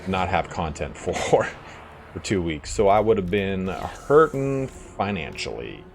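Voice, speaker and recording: Deep-voiced man rambling over gameplay. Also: very animated, unhurried, slight background noise. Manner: loose and rambling, swears freely, chuckles often. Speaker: gaming video host. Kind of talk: casual let's-play commentary. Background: faint game music.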